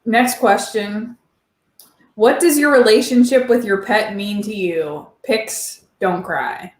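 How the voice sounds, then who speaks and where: A woman host in casual chat about her pet, talking loosely with lots of fillers and quick laughs. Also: medium pitch, reverberant, a little hiss or hum. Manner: chatty, filler-heavy, laughs easily. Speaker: channel host.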